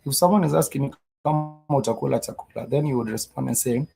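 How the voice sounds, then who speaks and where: A man teaching a live-streamed Swahili grammar lesson, explaining slowly and repeating himself with many fillers and restarts. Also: mid-range voice, vocal fry, dark tone, faint music behind, rough recording.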